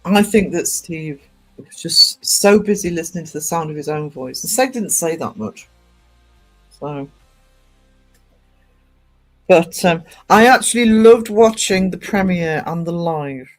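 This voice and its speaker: A man chats casually on a live stream. He rambles with plenty of ums and false starts, his voice pitched a little above the usual male range. Soft music plays faintly behind him. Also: expressive, measured pace, long pauses. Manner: rambling and chatty, with many ums and restarts.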